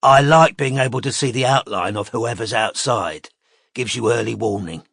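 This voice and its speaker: A blunt, glowering male detective, impatient and sardonic, as the narrator voices him. The voice sits in a middle pitch, close and dry. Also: normal speed, gravelly, fairly bright tone, dry recording.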